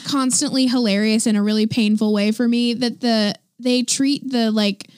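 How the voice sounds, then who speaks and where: A woman in casual chat, enthusiastic, laughing often and chiming in with quick agreement. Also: a little high, steady tone, clear, resonant tone.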